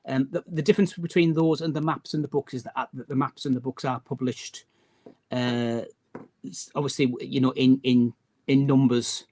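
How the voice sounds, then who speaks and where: A man's voice: mid-range voice, steady tone, moderate pace, darkish tone. Man with a mild Durham accent, chatty. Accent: mild Durham accent with a trace of Teesside. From County Durham, England. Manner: chatty, rambling, many restarts. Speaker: guest, map and book publisher. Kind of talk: casual interview chat.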